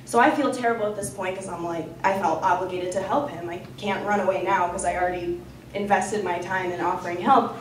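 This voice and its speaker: A young woman student telling a personal story at a live storytelling event, animated and chatty, full of "like.". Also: fairly low pitch, fairly quick, slight background noise. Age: young adult. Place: campus lounge storytelling event. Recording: echoey room, voice from far off.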